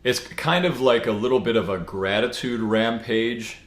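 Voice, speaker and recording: A man giving a casual spoken teaching, relaxed and rambling, with many fillers and restarts. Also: mid-range voice, moderate pace. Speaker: spiritual teacher. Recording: echoey room.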